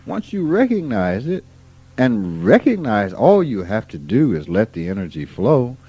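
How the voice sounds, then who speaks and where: A man gives an informal spiritual talk. He is folksy and unhurried, and he asks questions and then answers them himself. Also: fairly low pitch, sing-song, warm tone, husky, no room sound. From Mississippi, USA. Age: 50s. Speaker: spiritual teacher. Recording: dull archival tape recording.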